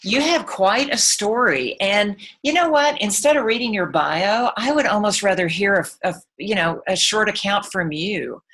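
A woman's voice: medium pitch, lively intonation, moderate pace, hardly any pauses, fairly bright tone. A woman from Texas with a Texan accent, hosting a radio show about living authentically, moving from a scripted opening to upbeat, chatty interviewing. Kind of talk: scripted intro then casual interview.

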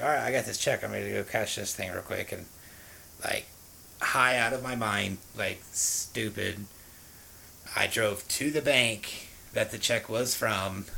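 A man's voice: fairly low pitch, vocal fry, sharp tone, a little hiss or hum, rough recording. A man frankly telling the story of his past drug use, rambling with fillers and restarts. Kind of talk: candid personal storytelling.

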